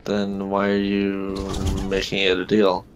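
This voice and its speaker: A man in casual gaming banter with a dry, monotone way of talking. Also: deep voice, measured pace, background noise. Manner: dry, says he speaks in a monotone.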